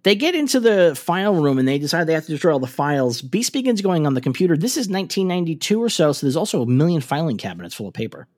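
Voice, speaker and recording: A man's voice: on the high side, sing-song, rapid-fire, hardly any pauses, a little mellow. A man co-hosting a podcast who casually recaps a cartoon episode, rambling with lots of fillers and the odd curse. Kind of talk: casual chat.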